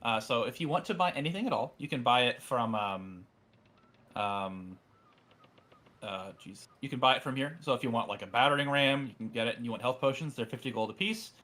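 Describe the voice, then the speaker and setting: A man's voice: mid-range voice, fairly quick, pushed and bright. A man narrating as game master in a tabletop role-playing session, in a casual, filler-heavy way.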